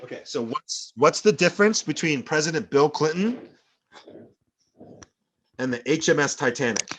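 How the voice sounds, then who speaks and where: A man's voice: a little high, expressive, normal speed, a little hiss or hum. Rambling male professor telling classroom stories. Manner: rambling, anecdotal, many fillers. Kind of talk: classroom lecture.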